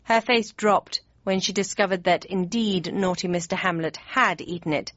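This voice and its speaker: A woman narrating an audiobook in the first person with crisp, even storytelling. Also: fairly low pitch, moderate pace, few pauses, no echo. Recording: dry, slightly dull studio read.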